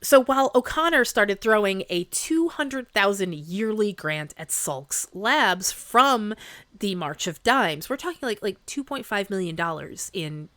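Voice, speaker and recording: A woman hosting a history podcast, telling the story in a chatty, wry way with quick asides. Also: mid-range voice, expressive, a bit bright, dry recording. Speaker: podcast host.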